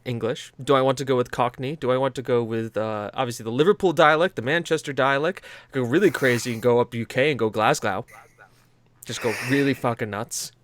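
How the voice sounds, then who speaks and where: An American man co-hosting a casual gaming podcast. He tells rambling stories, swears freely and laughs often, in a voice of ordinary pitch. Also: fairly quick, a bit bright, a little hiss or hum. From United States. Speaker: podcast co-host. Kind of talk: casual chat.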